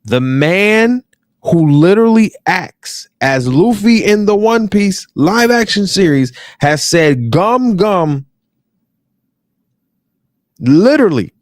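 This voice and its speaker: Animated, profane American man ranting. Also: high-pitched, slow pace, no echo, studio quality. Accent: African American English. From United States. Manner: animated, profane, repeats phrases for emphasis. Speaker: podcast host. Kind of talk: casual ranting commentary.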